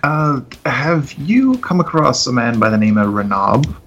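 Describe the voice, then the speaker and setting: A man's voice: mid-range voice, big pitch swings, measured pace, fairly bright tone, soft background music. A man playing a character in a tabletop game, speaking hesitantly and politely. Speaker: player. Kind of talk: casual tabletop play.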